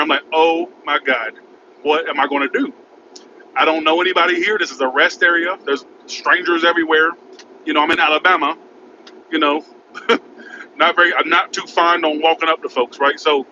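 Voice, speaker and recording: A man telling a rambling, frantic story in a casual vlog, recorded in his car by a highway. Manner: rambling, frantic, repeats "oh my God". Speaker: vlogger. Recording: muffled with road noise.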